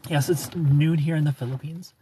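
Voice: medium pitch, fairly even intonation, normal speed, dark tone, slight background noise. A live streamer in casual, upbeat chat, reading viewer comments aloud and greeting people by name.

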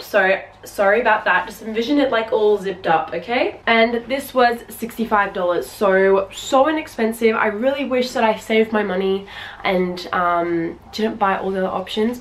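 A woman in her early twenties with an Australian accent, chatting in a try-on haul video at home, gushing and filling her talk with "like" and "um". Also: mid-range voice. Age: early 20s. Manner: chatty and gushing, many fillers. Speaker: fashion vlogger.

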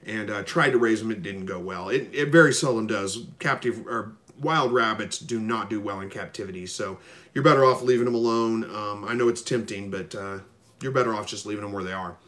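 A man hosting a live stream, reading viewer comments and answering them in a relaxed, rambling way with lots of ums. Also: lowish voice, brisk. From Missouri. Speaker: livestream host answering viewer questions. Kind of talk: casual live chat, reading comments aloud.

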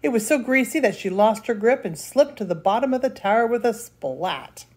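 An older woman, a grandmother, reading a picture book aloud with lively expression. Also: on the high side, moderate pace, husky. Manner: expressive, laughs between lines. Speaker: storyteller.

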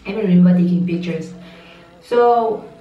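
A woman vlogger telling a personal family story in a rambling way with many restarts, her voice steady and not breaking. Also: lowish voice, normal speed. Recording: muffled, roomy, slightly distant.

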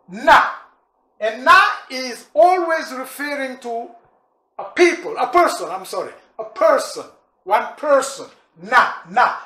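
Slow, patient teacher in an echoey room. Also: medium pitch, pushed and bright. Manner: repeats each word slowly and patiently, with asides on dialects. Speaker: language teacher. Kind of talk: vocabulary lesson, spelling out words. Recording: roomy echo.

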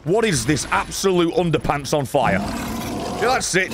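A man giving exasperated, animated gaming commentary as a streamer, swearing often. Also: fairly high pitch, unhurried, background noise.

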